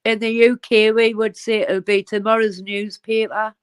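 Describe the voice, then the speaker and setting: Smooth-voiced British woman. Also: on the high side, little pitch movement, normal speed. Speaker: livestream guest. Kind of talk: casual chat.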